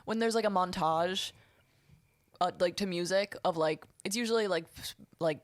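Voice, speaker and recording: A woman's voice: on the low side, moderate pace, no echo, studio quality. A woman in her twenties, a guest comedian, talking in a chatty, rambling way and laughing often on a casual podcast. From United States. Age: 20s.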